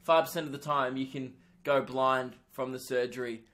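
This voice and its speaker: A man putting on a deliberately rough British accent to voice a casual, blunt male doctor who talks offhandedly and calls people mate. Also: medium pitch, steady tone, fairly bright tone, natural voice. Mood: breezy. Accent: put-on British.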